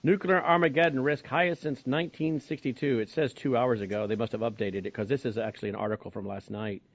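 A man's voice: medium pitch, fairly even intonation, quick pace, no room sound. A man hosting a broadcast talk show, explaining the news in a conversational way and asking his guests questions. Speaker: host. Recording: dry, slightly dull lo-fi sound.

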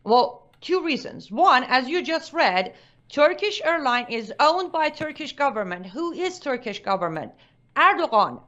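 Woman, talk show guest, high voice, emphatic, muffled lo-fi recording. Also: sing-song, measured pace, fairly bright tone. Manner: emphatic, firm statements. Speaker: guest commentator. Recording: dull lo-fi sound.

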